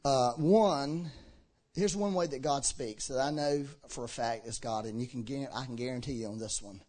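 A man preaching a sermon to a congregation, impassioned, swinging between shouting and low, earnest talk. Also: normal speed. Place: church hall with a congregation.

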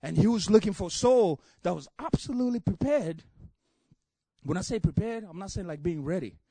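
A man preaching a sermon with passion, building repeated refrains up to shouts and dropping low to tell a story. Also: lively intonation, brisk, breathy edge, no echo. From Africa.

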